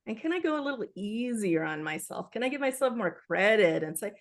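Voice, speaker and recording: A woman's voice: mid-range voice, a little fast, few pauses. Earnest woman author talking animatedly. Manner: earnest, animated with acted-out quotes. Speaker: author guest. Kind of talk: conversational interview.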